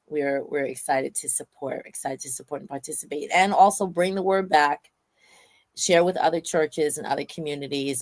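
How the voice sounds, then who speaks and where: Low-voiced woman hosting a chat. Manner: lively, playful storytelling. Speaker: host. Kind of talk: casual chat.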